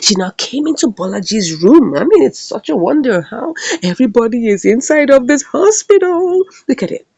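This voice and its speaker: A woman's voice: fairly high pitch, sing-song, normal speed, vocal fry, few pauses, darkish tone, husky, no room sound, dull audio. A woman host casually recapping and reviewing a series episode, acting out the scenes with animation. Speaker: video host.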